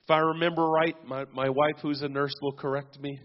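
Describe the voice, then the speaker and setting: A man's voice: fairly high pitch, little pitch movement, fairly quick. A man preaching a sermon as pastor, punctuating his points with amens and hallelujahs. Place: church sanctuary. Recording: dull lo-fi sound with long church reverb.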